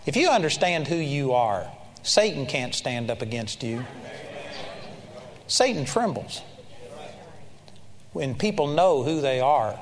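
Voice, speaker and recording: An older man preaching a sermon, telling stories with animated energy and shouting praise in his retellings. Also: medium pitch, slow, pauses often. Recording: long reverb of a large hall.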